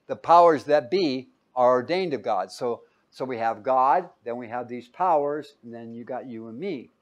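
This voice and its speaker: A man preaching a Bible-teaching sermon, reading verses loudly and pausing for his listeners to call out the missing word. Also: mid-range voice, expressive. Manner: quizzing listeners with fill-in-the-blank questions; emphatic, loud when reading scripture aloud.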